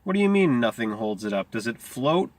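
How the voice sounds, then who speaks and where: A man reading aloud as a teenage boy who leads a gang, lifting his questions higher with a sharp, scornful edge. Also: sing-song, a little fast, lightly acted.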